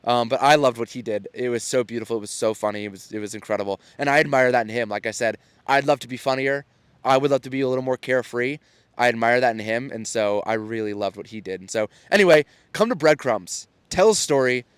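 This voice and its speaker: On a dry recording, a thirty-something man speaks fast at a medium pitch in a clear, resonant voice. He's a podcast host and storytelling coach delivering a casual solo monologue on his own show: earnest, encouraging, and prone to restarting his sentences.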